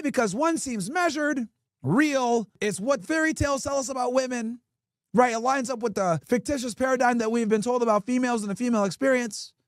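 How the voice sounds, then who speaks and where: A streamer and podcast host with a very high-pitched voice rants to his live chat, emphatic and mocking, full of rhetorical questions. The sound is clean studio audio with no room sound.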